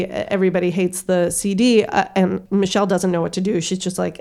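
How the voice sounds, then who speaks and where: Animated woman in her thirties telling a story. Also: mid-range voice, a little fast, few pauses. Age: 30s. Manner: lively, acts out voices of classmates. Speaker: podcast guest.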